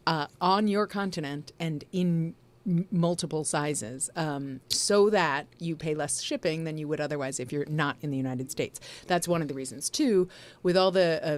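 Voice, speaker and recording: Low-voiced chatty woman co-host. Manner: chatty, explanatory, laughing easily. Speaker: podcast co-host. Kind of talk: casual chat.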